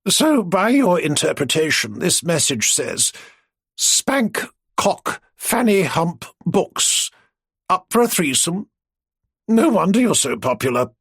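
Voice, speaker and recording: A man's voice: high-pitched, sing-song, slow, fairly bright tone, slightly rough, no echo, studio quality, pitched above the performer's own voice, full character voice. A man voicing a blunt, cheeky older woman who talks in a wry, plainspoken way.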